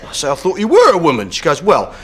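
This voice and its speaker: A middle-aged English man playing a blustering pub landlord in a sitcom, given to shouting outbursts. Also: fairly high pitch, huge pitch swings, quick pace, breathy edge. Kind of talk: sitcom acting. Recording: sitcom audio with loud background noise and audience laughter.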